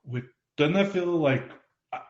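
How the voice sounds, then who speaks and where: A man's voice: a little high, unhurried. A man co-hosting a live podcast, talking easily with a chuckle. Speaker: podcast co-host. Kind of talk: casual live chat. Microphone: phone app. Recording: roomy, muffled phone app audio.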